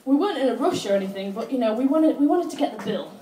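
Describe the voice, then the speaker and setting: High-voiced woman doing stand-up. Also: quick pace, slight background noise. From England. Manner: lively, laughs often, acts out voices. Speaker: stand-up comedian. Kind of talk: stand-up comedy set. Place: live venue with audience laughter. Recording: echoey room, mic at a distance.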